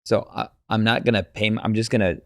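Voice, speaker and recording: A male podcast host in a relaxed interview, talking informally and asking curious follow-up questions. The recording is dry and close, with no room sound. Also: lowish voice, fast, creaky, no echo. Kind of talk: casual interview chat.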